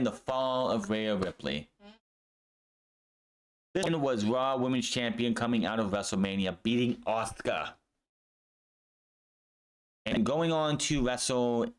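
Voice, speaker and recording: Blunt, sarcastic man recapping from home. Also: medium pitch. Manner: blunt, sarcastic, swears freely. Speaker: wrestling show reviewer. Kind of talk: casual recap commentary. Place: home room.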